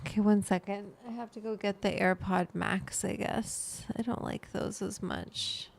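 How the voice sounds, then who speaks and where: A woman's voice: mid-range voice, fairly even intonation, normal speed, creaky, a little hiss or hum. A woman hosting a casual livestream, rambling to her viewers and her pet as she goes. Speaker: livestream host.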